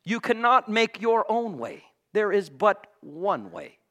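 Man preaching hard, high voice, bright and forceful, drops to whispers then shouts again. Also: big pitch swings, takes it slowly. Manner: impassioned, swings from shouting to whispers. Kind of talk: sermon.

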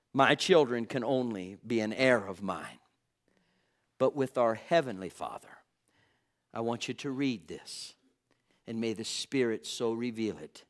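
High, lively-voiced preacher, unhurried. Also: male voice. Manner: impassioned, swelling and dropping to near-whispers. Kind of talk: sermon.

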